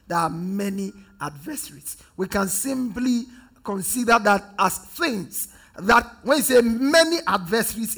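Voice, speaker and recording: A high-voiced pastor from Ghana preaches with fervour and leads his congregation in call-and-response. His voice is gravelly and husky, and he swings between ringing declarations and near-whispered repetition. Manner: emphatic, repetitive preaching, swings from loud to hushed.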